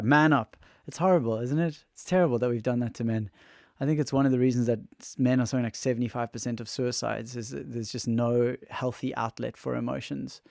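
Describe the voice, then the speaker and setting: Man, livestream chat, raw throat, tired, open and emotional, rambling, mid pitch, dry close sound. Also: vocal fry, a little mellow, no echo. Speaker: livestreamer and musician.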